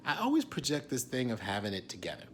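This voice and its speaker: A man in his forties, an actor, talking candidly in a confessional vlog, raw and intense, often dropping to a hushed whisper and swearing freely. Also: mid-range voice, huge pitch swings, fast talker, slight background noise. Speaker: actor and writer.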